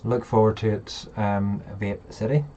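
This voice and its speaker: A man's voice: fairly low pitch, steady tone, unhurried, warm tone, highs cut off, slight background noise. A man hosting a casual live chat, rambling and talking straight to his viewers. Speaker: livestream host.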